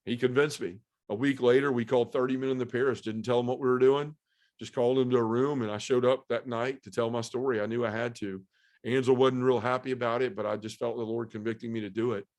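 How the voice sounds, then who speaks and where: As a guest on a podcast, a middle-aged man shares an earnest, heartfelt personal testimony in a mid-range, darkish voice. He keeps starting his sentences over.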